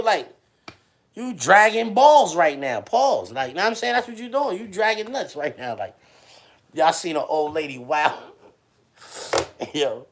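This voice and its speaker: A man hosting a livestream, chatting casually with viewers in loose, animated slang. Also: extremely high pitch. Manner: slangy and animated, often addresses chat. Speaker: livestream host.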